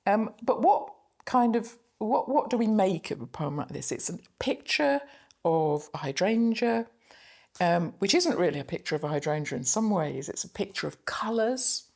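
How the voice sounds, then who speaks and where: A middle-aged woman lecturer talking through a poem reflectively, reading its German lines slowly aloud. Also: mid-range voice, lively intonation, creaky, a little mellow. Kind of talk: spoken poetry analysis lecture.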